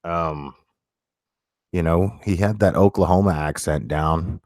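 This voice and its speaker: A man hosting a casual live chat, talking in halting bursts full of restarts, and swearing bluntly. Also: low voice, darkish tone. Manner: halting, many restarts and fillers. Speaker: streamer reading chat.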